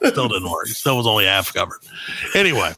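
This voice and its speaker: Lively, bright-voiced man telling stories. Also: lowish voice, fairly quick, slight background noise. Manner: animated storyteller, acts out voices, swears freely. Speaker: podcast co-host. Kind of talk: casual comedic chat.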